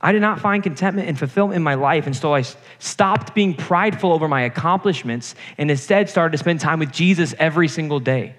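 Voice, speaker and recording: A man's voice: on the high side, fairly quick, hardly any pauses, fairly bright tone. Young man preaching in an echoing hall. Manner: earnest, personal storytelling preacher. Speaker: campus ministry speaker. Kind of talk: sermon. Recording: reverberant hall.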